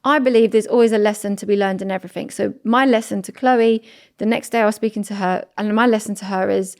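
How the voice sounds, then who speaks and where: A woman co-hosting a podcast, chatting casually and telling a story with lively acted-out quotes. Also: mid-range voice, quick pace. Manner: animated storytelling, acts out quoted parents. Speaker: podcast co-host. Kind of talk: casual chat.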